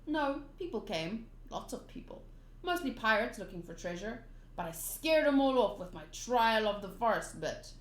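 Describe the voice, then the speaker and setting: A woman voicing a grumpy, lonely middle-aged man who guards a forest, with a gruff manner. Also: a little high, big pitch swings, moderate pace. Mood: brooding. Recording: roomy echo.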